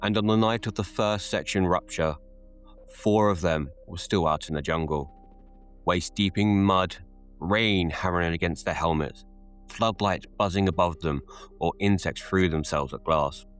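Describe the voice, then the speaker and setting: Man, horror story narrator, very low voice, slow measured delivery, faint music behind.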